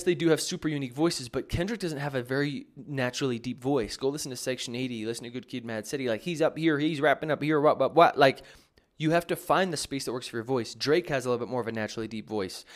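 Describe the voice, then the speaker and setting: A man, a music producer, talking casually and answering viewer questions, rambling with many fillers and restarts. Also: mid-range voice. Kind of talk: casual advice talk.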